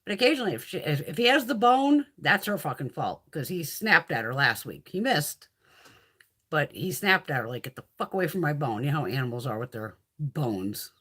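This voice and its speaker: Woman host, casual and profane, lively up-and-down voice, chatting to viewers live. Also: sits low, moderate pace, husky. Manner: chatty, profane, reads and answers viewer comments. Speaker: livestream host. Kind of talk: casual livestream chat.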